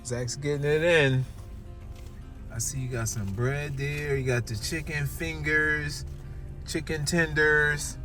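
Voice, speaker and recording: A middle-aged man from New Jersey hosting a casual vlog on a handheld phone, lively and chatty, calling his viewers y'all. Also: fairly high pitch, slow pace. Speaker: vlogger host. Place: restaurant and parked car. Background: music playing.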